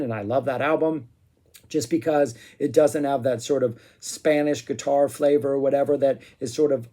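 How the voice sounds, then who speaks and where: A man talks through a music review in a loose, casual way, getting excited and wandering off on asides. His voice sits at an ordinary middle pitch, and he scatters "um"s as he thinks aloud. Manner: excitable and rambling, with many "um"s.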